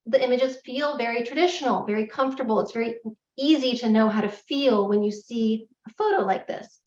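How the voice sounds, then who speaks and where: A middle-aged woman giving a public lecture in a candid, self-deprecating, animated way. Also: on the high side. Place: lecture hall. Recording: echoey hall, distant, dull lo-fi.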